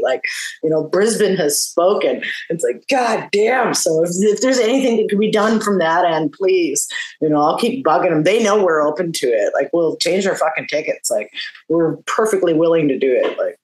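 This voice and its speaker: A woman's voice: fairly low pitch, normal speed, poor audio. A woman rock guitarist talking as an interview guest, swearing freely, laughing often and telling stories with lots of animation. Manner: laughing, profane, animated storyteller. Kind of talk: casual phone interview.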